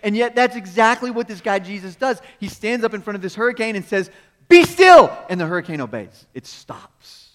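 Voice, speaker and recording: A man's voice: sits high, expressive, brisk, few pauses, a bit bright. Chatty preacher man in an echoing hall. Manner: conversational storytelling with rhetorical questions; chuckles often while speaking. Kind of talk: sermon. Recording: long reverb of a large hall.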